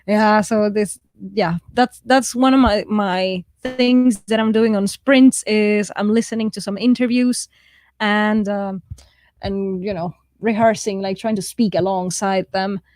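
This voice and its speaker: A woman's voice: mid-range voice, fairly even intonation, a little slow, a little mellow, dry recording. A woman with a mixed, shifting accent, hosting a live writing stream in a casual, self-deprecating way, reading viewer comments aloud and laughing often. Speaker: livestream host of a writing write-in.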